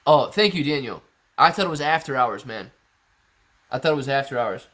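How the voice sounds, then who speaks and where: A man's voice: mid-range voice, expressive, fairly quick, bright, forceful tone. A man hosting a casual livestream Q&A, reading viewers' comments aloud and answering in a chatty, laid-back way. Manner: chatty, laid-back, often laughing, says "man" and "bro". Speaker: stock livestream host reading chat.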